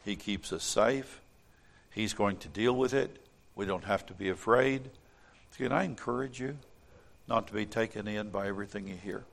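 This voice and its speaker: Gravelly man reading a story and preaching. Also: lowish voice, normal speed. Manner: animated storytelling, calm earnest exhortation. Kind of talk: children's story reading, then devotional and prayer.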